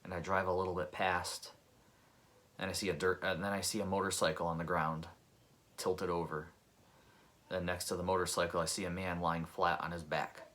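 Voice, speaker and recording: A man's voice: deep voice, flat delivery, moderate pace, a bit bright. A man, a pest control technician, telling a personal story in an earnest, reflective, conversational way.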